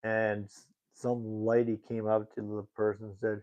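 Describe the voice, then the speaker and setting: A man's voice: fairly low pitch, completely flat delivery, normal speed, few pauses, darkish tone. A young man livestreaming in a casual, rambling way, reading chat and talking indignantly. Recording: tinny phone-like audio.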